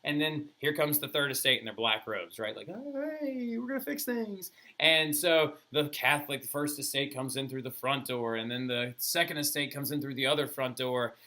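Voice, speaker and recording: Guy teaching history, super animated and chatty, really bright sharp tone. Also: medium pitch, moderate pace, hardly any pauses. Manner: lively, casual, with playful asides. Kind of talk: animated classroom lecture.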